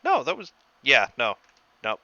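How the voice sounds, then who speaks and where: A man running a tabletop game as game master, excitable and quick to laugh at big hits. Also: mid-range voice, no room sound, dull audio. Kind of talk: narrating a tabletop game over voice chat.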